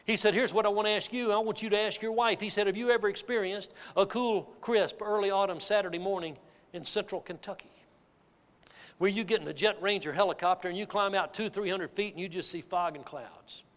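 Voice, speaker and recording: A man giving a keynote sales speech, telling a folksy, animated story to a live audience. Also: high voice, a little fast. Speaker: motivational sales speaker. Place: large hall with an audience. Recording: reverberant hall.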